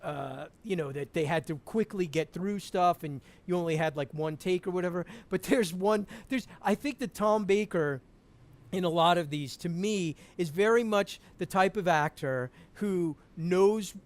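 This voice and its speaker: A man chatting as a podcast guest over a call, animated, laughing often and restarting his sentences. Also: high voice, normal speed. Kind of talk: casual podcast chat.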